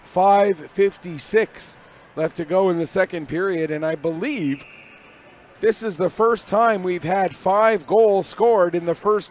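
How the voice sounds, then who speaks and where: High-pitched guy doing hockey play-by-play, quick energetic calls, bit of faint noise behind. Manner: rapid, energetic calls that rise on big plays. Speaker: play-by-play commentator. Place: arena broadcast position above the ice.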